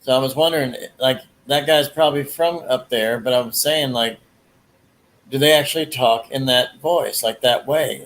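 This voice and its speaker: Here a livestream host speaks with a medium-pitched, fairly bright voice at a moderate pace. He rambles through casual chat full of crude jokes and fillers, captured in a low-quality recording.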